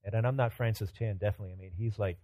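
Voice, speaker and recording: A pastor giving a sermon, telling humorous self-mocking stories with animation, then turning earnest and quieter as he exhorts. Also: fairly low pitch, steady tone, very fast, no room sound.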